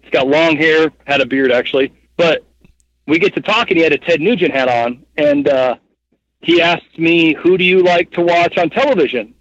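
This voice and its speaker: A man's voice: a little high, moderate pace, dry recording, highs cut off. Rambling chatty man in his thirties. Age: 30s. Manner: rambling, animated, heavy with fillers like "like" and "you know what I mean". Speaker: guest, hunting guide and cameraman. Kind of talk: casual storytelling interview.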